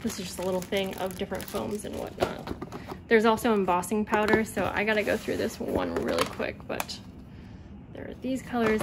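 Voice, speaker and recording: A woman in a casual vlog, talking quickly and loosely through her craft supplies, with lots of fillers. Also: medium pitch. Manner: chatty, quick, rambling with fillers. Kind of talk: casual show-and-tell vlog. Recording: loud background noise.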